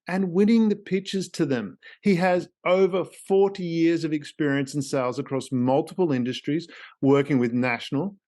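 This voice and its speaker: A man's voice: a little high, fairly even intonation, moderate pace, warm tone. An Australian man hosting a business podcast with a playful, theatrical delivery and fond wordplay. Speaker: podcast host.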